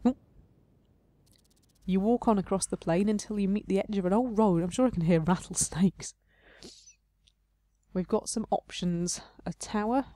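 A woman's voice: mid-range voice, moderate pace, pauses often, warm tone, dry recording. A woman hosting a game playthrough, reading the text aloud and adding playful, self-mocking asides. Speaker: let's play host.

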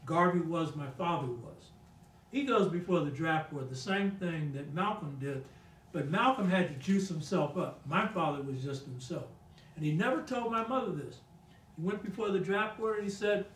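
Older man, high-pitched, emphatic storyteller, casual talk, roomy echo, set back from the mic. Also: expressive, normal speed, a bit bright, far from the mic, slight background noise. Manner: emphatic, keeps asking "you know what I mean?". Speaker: guest speaker on a talk show.

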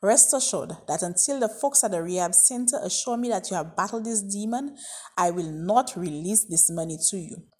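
No-nonsense mom, firm and measured, husky tone, read by a woman. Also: mid-range voice, lively intonation, warm tone.

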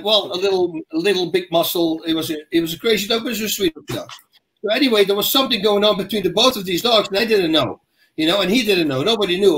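A middle-aged man, telling stories in casual podcast chat and acting out the voices in them. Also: high voice. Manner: animated storyteller, acts out quotes and dog growls. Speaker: podcast co-host.

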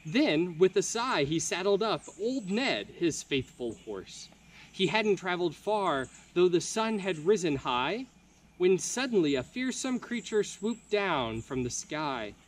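A young man reading a picture book aloud at a virtual campfire, slow and expressive. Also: high-pitched, a little hiss or hum. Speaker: camp counselor.

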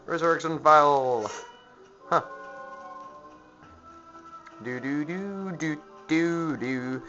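A man giving goofy, casual commentary while playing a video game, humming and shouting at enemies. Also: a little high, drawn-out words, faint music behind. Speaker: let's play host. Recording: slightly muffled lo-fi recording.

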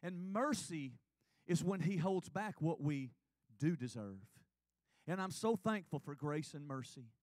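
A man's somewhat high voice has a darkish tone as he delivers an animated, slightly slow sermon testimony in a church sanctuary. He speaks earnestly and confessionally about his own life, with no echo.

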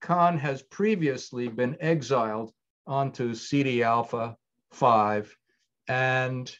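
A man's voice: mid-range voice, slow pace, a bit bright, dull audio. An older man, a writer-director, answering interview questions in a thoughtful, digressive way with frequent restarts.

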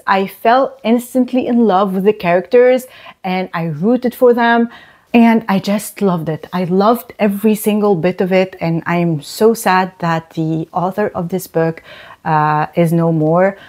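A woman talks through her monthly reading at a slow, deliberate pace. Her voice sits at a medium pitch, and she stresses her points by repeating words, as in a casual book review video. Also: a little mellow.

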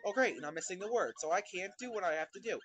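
A man commentating over his own gameplay, ranting in constant profane exasperation at a slow game. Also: high-pitched, expressive, muffled recording. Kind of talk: let's play commentary. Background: video game music.

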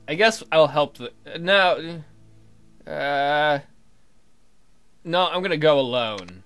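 A man talking through a strategy game in a relaxed, off-the-cuff way. He thinks out loud, swears freely, and reads game text aloud in a slightly high voice. Faint game music plays underneath. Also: slow pace, pauses often, clear, resonant tone. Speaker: let's play gamer. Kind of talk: casual gameplay commentary.

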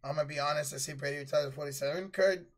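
A man with a notably high voice runs a live play-by-play stream, calling each possession and rising to loud calls on big plays. Between plays he relaxes into loose, profanity-laced chat with his viewers. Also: very fast. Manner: casual, swears freely, answers chat.

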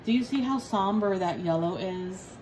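A woman's voice: medium pitch, normal speed, a little mellow, a little hiss or hum, low-quality recording. A woman giving a casual tarot reading, blunt and profane, joking and teasing as she talks. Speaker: tarot reader.

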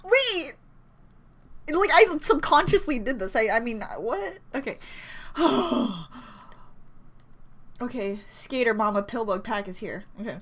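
A woman's voice: fairly high pitch, animated, slow pace, long pauses, a bit bright. A woman reacting to music content as a fan vlogger, rambling giddily between squeals and laughs. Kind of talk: excited fan reaction chat.

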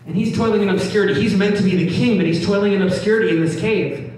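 A man's voice: high-pitched, fast, darkish tone, slight background noise. A man preaching a sermon as pastor, earnest and emphatic, repeating his key points. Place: church hall. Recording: echoey hall from a distant mic.

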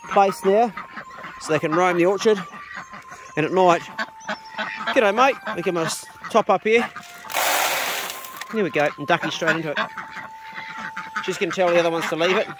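New farm guy, slightly high voice. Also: noisy background. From New Zealand. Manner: talks to his dogs and ducks in a coaxing, commanding way. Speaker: vlogger. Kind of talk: casual outdoor vlog.

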